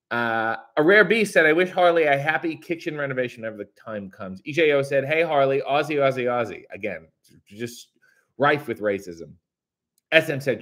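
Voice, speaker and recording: A man hosting a casual live stream, reading viewer comments aloud in a brighter voice and answering with crude, sarcastic, mock-grumpy asides. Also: medium pitch. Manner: reads comments in a brighter, louder voice.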